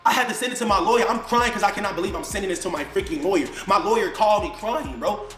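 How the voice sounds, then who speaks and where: A man's voice: high-pitched, fast, fairly bright tone, roomy sound, slight background noise. A man in a played clip ranting angrily and indignantly, with swearing. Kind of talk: heated video rant.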